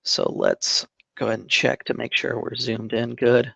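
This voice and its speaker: A man hosting a tabletop game channel, calmly explaining a digital map-drawing tutorial step by step, with fillers and self-corrections. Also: mid-range voice, moderate pace, creaky, husky, no room sound. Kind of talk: screen-recorded drawing tutorial. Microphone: desk microphone.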